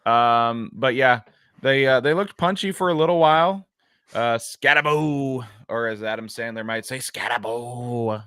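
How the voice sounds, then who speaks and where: A man's voice: mid-range voice, lively intonation, moderate pace, fairly bright tone, smooth, dry recording, clean studio sound. A man co-hosting a sports podcast, musing wryly with lots of hesitations in casual chat. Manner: rambling, hesitant, wry. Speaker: podcast co-host.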